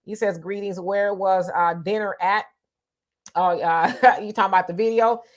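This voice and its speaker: A woman hosts a casual live stream, reading viewer comments aloud and greeting each person in the chat. She laughs easily as she goes. Her speech carries features, and her pitch sits in a middle range. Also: fairly even intonation, moderate pace.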